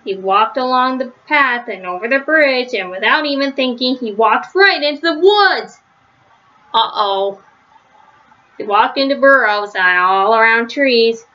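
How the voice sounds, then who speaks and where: A woman reading a children's story aloud, gentle, with small slips and restarts, on a slightly lo-fi recording. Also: a little high, animated, measured pace. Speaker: storybook reader.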